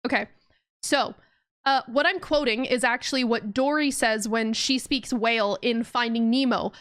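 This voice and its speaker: In studio-quality, dry audio, a young woman chats casually through her gameplay stream, playful and frequently breaking into giggles. She speaks at a normal speed in a somewhat bright, high-leaning voice with fairly even intonation.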